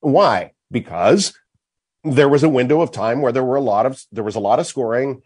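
A man's voice: medium pitch, lively intonation, moderate pace, darkish tone, breathy edge. Guy hosting hockey talk at a golf event, pushy and emphatic, lays out his case step by step.

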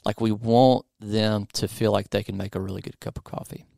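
A man's voice: lowish voice, little pitch movement, brisk, gravelly, mellow, dry recording. A man co-hosting a podcast, chatting casually with plenty of fillers and restarts. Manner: rambling, many fillers and restarts. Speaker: podcast co-host. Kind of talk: casual chat.

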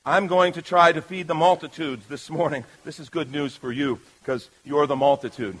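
A male pastor delivers a sermon in a high-pitched voice. He is lively and playful with the congregation, shifting from loud calls to soft, quiet asides. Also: normal speed, husky, low-quality recording.

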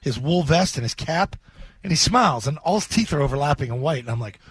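A man co-hosting sports radio who tells stories in a loose, animated way. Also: a little high, quick pace, husky, no echo. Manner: animated storyteller. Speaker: radio co-host and former player. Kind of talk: casual sports radio banter.

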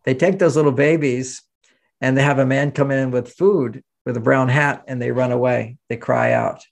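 Man from the US, gravelly tone, middle pitch, animated interview talk. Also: normal speed. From United States. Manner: animated, acts out quoted voices, chuckles. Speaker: relationship author and interview guest. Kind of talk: conversational interview explanation.

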